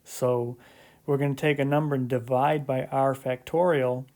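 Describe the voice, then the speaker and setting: Brief: male math instructor, mid-pitched, mellow tone, casual step-by-step lecture delivery with light humor. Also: level tone, normal speed. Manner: conversational, explains step by step with frequent "so" and "right?"; lightly joking asides. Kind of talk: recorded classroom lecture.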